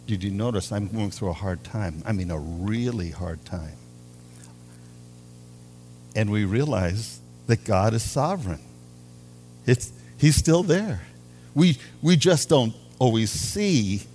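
Animated, slow-paced male preacher. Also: lowish voice. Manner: animated preaching, drawn-out emphasis on key words. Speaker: pastor. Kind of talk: sermon.

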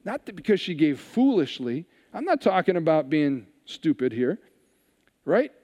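A man delivers a sermon in a church hall, and his voice rings with long reverb. He sits a little high for a man and retells a scripture story with lively acted-out lines and quiet asides. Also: a little slow. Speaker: pastor.

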